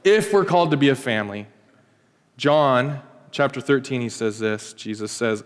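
A man's voice: medium pitch, lively intonation, moderate pace, long reverb tail. A male pastor preaching in a conversational, joking way, acting out little everyday scenes. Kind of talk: sermon. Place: church.

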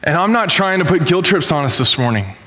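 A male pastor giving a conversational sermon, telling stories and sometimes jumping up sharply in pitch. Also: brisk. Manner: conversational storytelling, animated with sudden pitch jumps. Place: church. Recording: long reverb of a church hall.

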